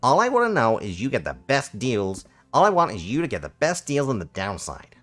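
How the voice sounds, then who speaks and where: A man's voice: medium pitch, wildly swooping pitch, brisk, a bit bright, faint music behind, pitched above the performer's own voice. A man voicing a cheerful slug merchant in a game, with sentences that rise at the end like questions. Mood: chipper. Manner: upbeat, every sentence rising like a question. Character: chirpy male slug merchant, eager salesman.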